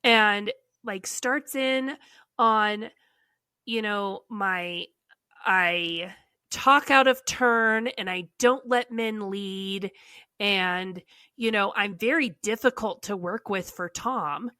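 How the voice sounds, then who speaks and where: A woman from the United States, hosting a podcast and telling a story in a casual, animated, exasperated way with many "like"s. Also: medium pitch, slow, clean tone, no room sound, studio quality. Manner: animated storytelling, heavy use of "like". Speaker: podcast host. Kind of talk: casual chat.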